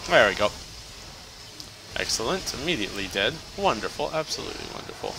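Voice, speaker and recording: A man's voice: lowish voice, huge pitch swings, a little fast, creaky, noisy background. A man giving casual, joking let's-play commentary as he plays, chatty and laughing often. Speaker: gameplay commentator.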